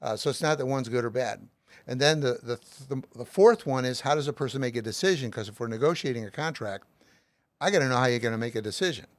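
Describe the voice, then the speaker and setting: A man's voice: mid-range voice, fast, dry recording. A middle-aged man as an author and guest, explaining his method with plenty of everyday examples. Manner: emphatic, uses lots of everyday examples.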